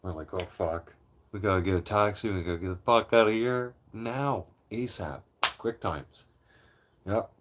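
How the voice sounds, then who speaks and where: A man's voice: on the low side, a little slow, background noise. Late-thirties male livestream host, casual and profane, rambles through a story with lots of restarts. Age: 30s; late 30s. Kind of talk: casual storytelling to a live chat.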